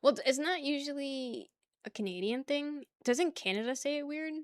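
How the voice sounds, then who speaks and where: A woman's voice: high-pitched, moderate pace, no room sound, clean studio sound. A young woman from the New area, chatting casually on a stream, rambling, laughing often and reading chat aloud. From New York area.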